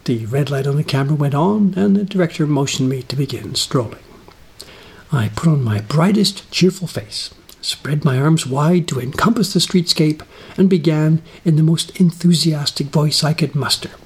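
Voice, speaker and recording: Middle-aged male narrator, husky voice, dry and self-deprecating, unhurried scripted delivery. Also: fairly high pitch. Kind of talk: scripted personal essay narration.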